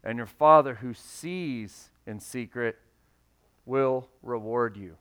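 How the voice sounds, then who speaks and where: A man's voice: medium pitch, takes it slowly, a bit bright. A man preaching a sermon in a conversational way, reading scripture and now and then acting out quoted voices. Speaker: pastor.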